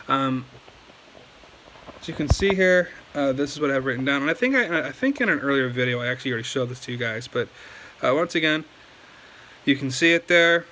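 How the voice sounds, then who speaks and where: Young man, american accent, bright voice, casual rambling lesson, faint hiss. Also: mid-range voice, poor audio. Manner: rambling, lots of fillers and restarts. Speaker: language learning YouTuber.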